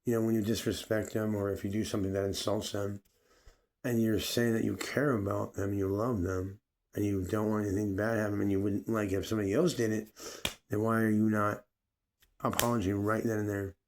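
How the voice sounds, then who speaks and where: A man's voice: on the low side, level tone, a little fast, a little mellow. A man talking through a personal reflective monologue, rambling and searching for words with many fillers. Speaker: vlogger.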